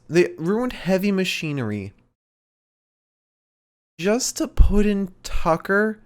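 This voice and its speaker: A co-host voices opinions on the show in an unhurried, drawn-out way. The tone is smooth and clear, with halting restarts in casual chat. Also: medium pitch, a little mellow. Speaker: podcast co-host. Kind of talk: casual wrestling recap chat.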